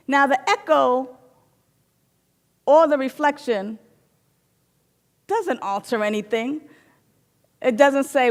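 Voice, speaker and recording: Lady minister preaching slow and playful, reverb all over the hall. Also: fairly high pitch. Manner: storytelling, playful, emphatic. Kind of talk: sermon. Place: spiritual center hall.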